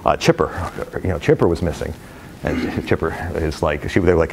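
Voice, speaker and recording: A middle-aged man talking casually to a live audience of brokers, an energetic, rambling storyteller with many fillers. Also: deep voice, moderate pace, creaky. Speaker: real estate executive speaking to brokers. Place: company headquarters event space.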